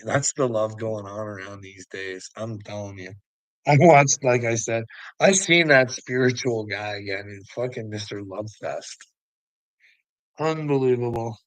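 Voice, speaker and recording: A man's voice: lowish voice, measured pace, no echo, rough recording. A man ranting into the camera in a heated, profane monologue, breaking into laughs between lines. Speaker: vlogger.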